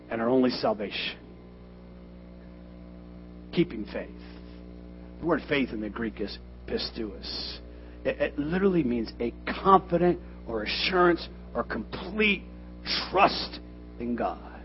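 A man preaching a sermon in a church, animated and joking, with loud emphatic bursts. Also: medium pitch, a little slow, long pauses. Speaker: pastor. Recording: dull lo-fi sermon recording with faint music.

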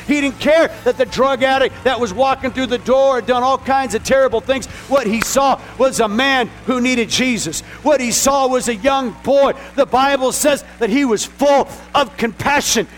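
Male preacher, very high voice, emphatic sermon delivery, faint music underneath. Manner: emphatic, repetitive, rising to shouts.

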